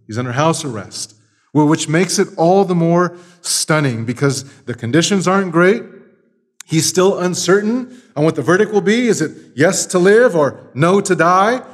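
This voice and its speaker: A man preaching a Sunday morning sermon, teaching through a Bible passage with emphatic repetition. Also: on the high side. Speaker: pastor.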